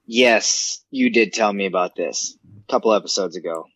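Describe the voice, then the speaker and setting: Male podcast co-host, lowish voice, easygoing and halting, dull dry lo-fi sound. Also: a bit bright. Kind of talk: casual chat.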